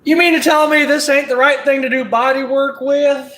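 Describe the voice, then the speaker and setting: A man's voice: very high-pitched, fairly even intonation, normal speed, a bit bright, echoey room, a little hiss or hum. A man chatting casually on a live stream while working on a car, laid-back and rambling, laughing often. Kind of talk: casual live-stream chat while doing body work.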